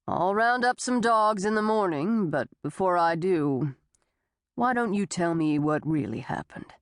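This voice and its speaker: A skeptical small-town sheriff, voiced by a woman lowering her tone, measured and dismissive. He speaks slowly and deliberately, close and dry. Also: animated, no room sound.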